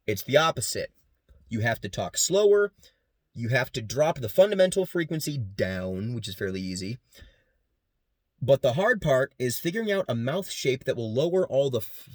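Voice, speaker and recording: A man's voice: mid-range voice, expressive, no echo, clean studio sound. A man giving a casual class presentation, explaining vocal sounds and demonstrating them as he goes. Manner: casual, quick, demonstrates sounds between sentences. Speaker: student presenter. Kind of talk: class presentation with beatboxing demos.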